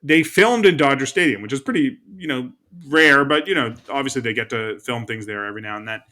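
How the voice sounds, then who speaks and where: A man co-hosting a podcast in a casual, chatty way. His voice is bright and forward, and he walks through episode recaps with easy laughs. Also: medium pitch, fairly quick. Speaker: podcast co-host. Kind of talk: casual chat.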